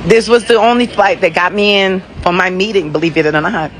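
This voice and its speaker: A woman's voice: medium pitch, fairly even intonation, a little fast, noisy background. Frustrated woman ranting into her phone. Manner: frustrated, confrontational, rambling. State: upset and teary. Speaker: passenger filming herself. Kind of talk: casual phone vlog.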